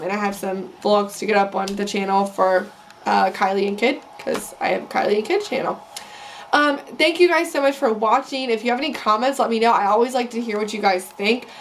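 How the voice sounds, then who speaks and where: A woman's voice: medium pitch, slight background noise. A young woman vlogging, casually and heatedly sharing her opinions in a rambling rant. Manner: opinionated, ranting. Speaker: vlogger recapping a reality show. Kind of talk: casual chat.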